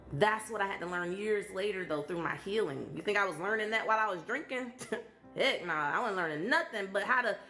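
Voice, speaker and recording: A woman's voice: mid-range voice, sharp tone, roomy sound. A woman in her thirties who hosts a live stream, talking casually to her viewers and sharing her testimony in an emotional, motivational way. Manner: emotional, testimony-style, talks to viewers directly. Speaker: live stream host and speaker.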